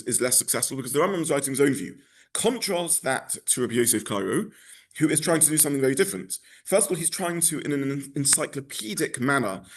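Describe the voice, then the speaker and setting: A rabbi teaching a class, explaining his points at length and thinking aloud as he goes. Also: medium pitch. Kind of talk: lecture to a class.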